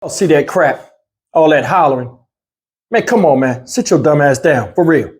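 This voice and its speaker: A man's voice: a little high, lively intonation, moderate pace, background noise. A man hosting a reaction channel, talking in a blunt, heated, slangy way straight to his viewers. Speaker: commentary channel host. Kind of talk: casual reaction commentary.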